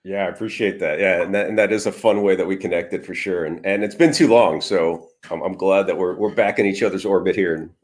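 A man speaks as a guest in a casual podcast interview. He is relaxed and easygoing, and his voice sits somewhat low. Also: fairly quick, few pauses.

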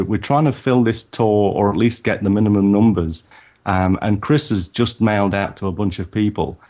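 A photography workshop leader, guesting on a photography podcast, talks casually about his upcoming tours in a fairly low, darkish voice. His speech has many restarts and fillers.

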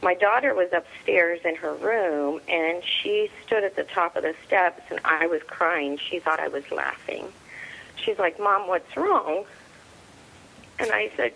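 A woman's voice: on the low side, creaky, a bit bright, poor audio. Middle-aged woman telling a personal story. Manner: halting, retells dialogue with many fillers. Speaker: interview guest, soldier's mother.

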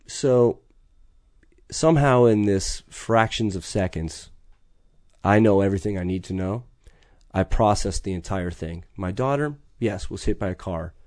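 Middle-aged man; low, mellow voice; intense, profane, urgent storyteller; dry recording. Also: lively intonation, a little slow, dry recording. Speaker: podcast guest. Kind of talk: storytelling in conversation.

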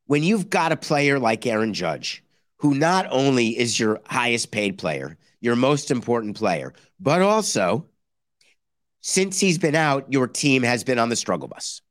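A man hosting a sports podcast, delivering a sarcastic, animated monologue and mock-quoting other people. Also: medium pitch, unhurried, no echo, studio quality. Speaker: podcast host. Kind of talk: opinionated sports talk monologue.

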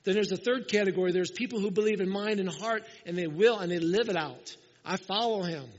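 A high-pitched man preaches a sermon, telling the story with life and acting out the voices of the people in it. His voice rings through a big hall with a long tail of reverb. The sound is slightly dull and muffled. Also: fast. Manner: lively storytelling, acting out quoted lines. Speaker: pastor.

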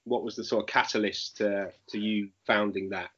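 A man asking an artist direct interview questions in a measured way. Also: fairly low pitch, steady tone, a bit bright, lo-fi sound.

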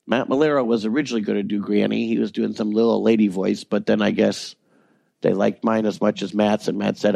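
A voice actor telling stories in a relaxed interview. His middle-pitched voice has a gravelly, creaky edge. The sound is close and dry, and he rambles with jokes and false starts. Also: a little fast, no echo. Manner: rambling, jokey, many restarts. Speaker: voice actor guest. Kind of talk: casual interview chat.

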